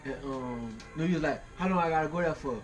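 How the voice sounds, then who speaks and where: A young man chiming in on a story, teasing and laughing as he talks. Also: on the high side. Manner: slow, laughing interjections and teasing. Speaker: co-host. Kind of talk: casual chat.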